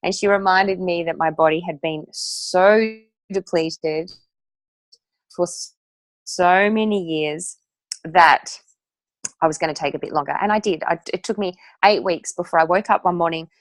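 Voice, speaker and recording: A woman's voice: fairly low pitch, a little slow, no echo. A woman, telling her personal story to an audience in a chatty, emphatic way. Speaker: guest speaker sharing a testimonial.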